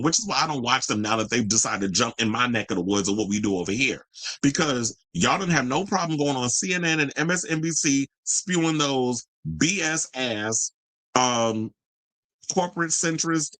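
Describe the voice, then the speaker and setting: Guy ranting on his commentary stream, cussing a lot, arguing with chat, mid-pitched voice, dry close sound. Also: a bit bright, dry recording, rough recording. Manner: profane, blunt and combative; talks straight to viewers and chat comments. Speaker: host of a pop culture commentary channel. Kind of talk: livestream commentary rant.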